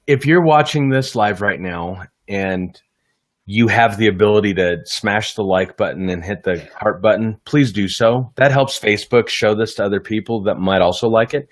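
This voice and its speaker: Upbeat man talking over a video call. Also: on the low side. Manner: upbeat, friendly, quick audience call-outs. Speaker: guest, sales coach. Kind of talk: casual live-stream chat.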